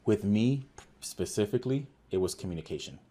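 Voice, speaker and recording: Low husky guy on a podcast, chatty office manager acting out who said what. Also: fairly quick. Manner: earnest, animated retelling with quoted dialogue and many restarts. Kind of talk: casual conversational storytelling.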